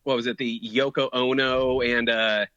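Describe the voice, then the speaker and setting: Bright, dry-voiced man fumbling for words. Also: medium pitch, little pitch movement, clean tone, no echo, lo-fi sound. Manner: halting, searching for words. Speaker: podcast co-host. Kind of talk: casual sports chat.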